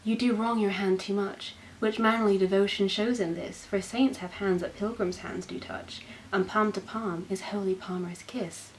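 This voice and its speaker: A woman's voice: medium pitch, steady tone, moderate pace, few pauses, slight background noise, natural voice, rough recording. A woman voicing a poised, playfully teasing young woman in a theatrical dramatic reading.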